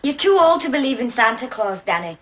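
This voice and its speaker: A woman's voice: fairly high pitch, big pitch swings, brisk, a bit bright, slight background noise. An actress playing a working-class wife in a film scene, who questions her husband pointedly and sarcastically. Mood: suspicious, scornful. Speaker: film character. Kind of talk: film dialogue.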